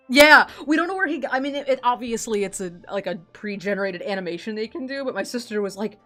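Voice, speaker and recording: A woman's voice: a little high, animated, fairly quick, a bit bright, soft background music. A woman chatting casually while she draws, rambling and giggling, with lots of filler words. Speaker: artist chatting while drawing. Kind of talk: casual chat.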